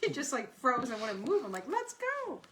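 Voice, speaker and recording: A woman chats off to the side of a live class, telling a story with a lively, bouncing pitch. Her voice sits a little high, and a clear hiss of background noise runs under the recording. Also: a little fast. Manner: animated storytelling, laughs easily. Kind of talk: casual chat.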